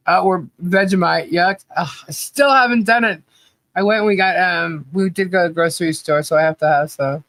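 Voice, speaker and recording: A man's voice: high-pitched, normal speed, fairly bright tone, no room sound. A man co-hosting a casual livestream podcast, laughing often and reading the chat aloud with playful chanting. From not from Australia. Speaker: podcast co-host.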